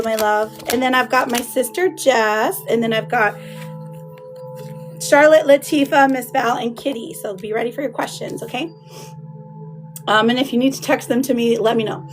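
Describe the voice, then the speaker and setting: Hoarse chatty woman on a livestream. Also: on the high side. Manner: chatty, greets viewers by name, laughs often. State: hoarse from laryngitis. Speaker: tarot reader hosting a livestream. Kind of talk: casual livestream chat.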